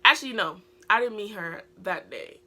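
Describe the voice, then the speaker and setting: British teenage girl, rambling storytime vlogger, crisp bright tone, lots of fillers. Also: mid-range voice, lively intonation, normal speed, a little hiss or hum. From Britain. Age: teens. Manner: rambling, heavy use of filler words. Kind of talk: casual storytime vlog.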